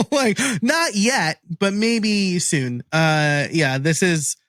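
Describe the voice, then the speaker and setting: A man with a New York accent talks in a fairly high voice as he co-hosts a casual tech news show. He sounds chatty and laughs easily while musing on odd questions. The recording is close and dry. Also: very slow, fairly bright tone, no echo. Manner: chatty, laughs often, wondering aloud. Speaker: podcast co-host.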